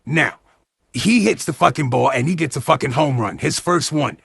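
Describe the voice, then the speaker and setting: A man's voice: fairly high pitch, animated, normal speed, gravelly, a bit bright, husky, dry recording. A man doing a profane, slangy comedy recap of a movie, with mock-outraged asides.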